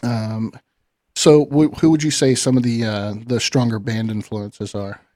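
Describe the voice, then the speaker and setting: A man's voice: mid-range voice, steady tone, measured pace, mellow, no echo, studio quality. A man hosting a casual interview, asking questions in a friendly way with plenty of fillers. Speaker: interviewer host.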